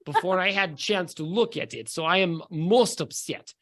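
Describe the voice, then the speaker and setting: Give me a man playing a haughty fantasy crime lord who talks stiffly in a forced low register and a put-on accent. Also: a bit bright. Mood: indignant. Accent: put-on fantasy Russian. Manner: formal, stiff speech in a deliberately deeper register. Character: scheming male gangster lord, menacing and haughty.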